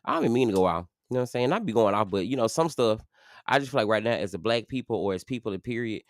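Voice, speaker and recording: A man in his forties hosting a live stream, rambling and swearing, his voice jumping high when he rants. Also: lively intonation, very fast, dry recording. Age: 40s. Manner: profane, rambling, jumps high and loud when ranting. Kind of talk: casual live commentary rant.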